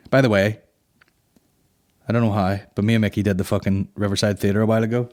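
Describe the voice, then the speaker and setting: A man's voice: on the low side, flat delivery, brisk, darkish tone. A man hosting a comedy podcast, rambling crudely with heavy swearing. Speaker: podcast host. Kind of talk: casual comedy podcast banter.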